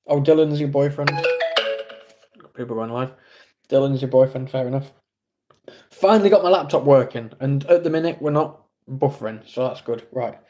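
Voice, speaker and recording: A man's voice: mid-range voice, moderate pace, warm tone, a little hiss or hum. A man with an English accent streaming live, chatting casually with viewers in a rambling, self-deprecating way.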